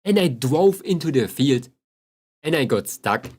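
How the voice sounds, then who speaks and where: A man's voice: medium pitch, big pitch swings, a little slow, a little mellow. A young man with a German accent chatting casually while drawing on a livestream, laughing often and swearing casually. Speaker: streamer.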